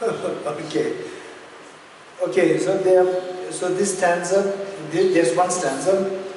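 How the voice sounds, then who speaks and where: A man's voice: sits high, fairly even intonation, takes it slowly, darkish tone, recorded from a distance, a little hiss or hum. A male Buddhist teacher giving an interactive dharma lesson, questioning his audience and repeating key points for emphasis. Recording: echoey hall recorded from afar.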